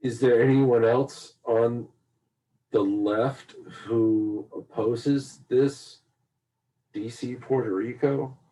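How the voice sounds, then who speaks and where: A man on a podcast who speaks slowly and hesitantly while working through his questions. His voice is mellow, warm and mid-pitched. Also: steady tone, distant mic, poor audio. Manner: slow, searching, hesitant questions. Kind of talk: casual political podcast chat.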